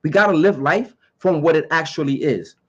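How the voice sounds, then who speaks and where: A man's voice: a little high, normal speed, husky, highs cut off. A man giving his opinions in a casual monologue to camera. He talks emphatically, repeats his points and asks rhetorical questions.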